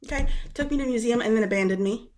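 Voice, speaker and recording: A woman on a call-in roast show, telling exasperated stories in a lively, animated way. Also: fairly high pitch, rapid-fire. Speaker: caller. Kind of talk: casual chat on a call-in roast.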